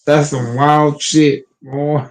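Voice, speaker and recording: A man's voice: on the high side, flat delivery, slow, rough recording. A man hosting a casual online sports panel, talking emphatically and profanely, often repeating words as he restarts.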